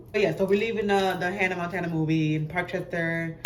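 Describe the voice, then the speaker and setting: A young woman telling a casual storytime, animated and laughing, acting out voices in quotes. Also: fairly low pitch, quick pace, echoey room, a little hiss or hum. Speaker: vlogger.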